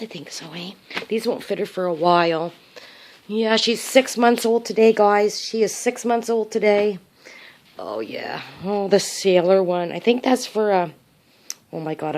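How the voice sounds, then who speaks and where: A middle-aged woman and grandmother vlogging casually at home, talking to her viewers in an excited, emotional, chatty way. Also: lowish voice. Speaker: crochet vlogger. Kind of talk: casual vlog chat while packing. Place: at home, indoors.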